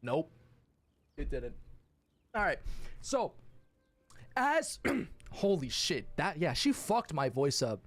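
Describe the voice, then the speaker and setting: Hoarse, lively young man streaming. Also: fairly high pitch, slow, pauses often. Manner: profane, joking, self-mocking. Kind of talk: casual live gaming stream chat.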